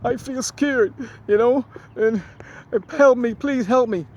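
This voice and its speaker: Man mimicking a panicked woman, shrill, crying, pleading, high-pitched, faint traffic behind. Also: fairly even intonation, normal speed, lo-fi sound.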